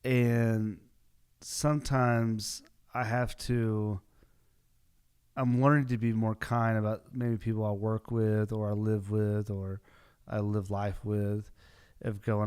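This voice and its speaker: A man's voice: lowish voice, slow, a little mellow, clear, resonant tone. Rambling young man hosting a podcast. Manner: rambling, self-correcting, many filler words. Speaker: podcast host. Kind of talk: casual solo podcast chat.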